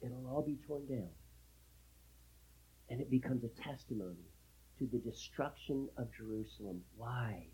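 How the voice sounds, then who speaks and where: A man preaching a sermon, emphatic, with big swings in loudness and repeating key phrases for stress. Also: medium pitch, expressive, a little slow, pauses often, slight background noise, poor audio. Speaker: pastor.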